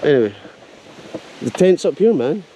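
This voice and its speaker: A Scottish man hosting a casual travel vlog outdoors, narrating excitedly and joking as he walks around a festival campsite. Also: a little high, moderate pace. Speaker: vlogger host. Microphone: handheld camera. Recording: outdoor camera audio with steady noise.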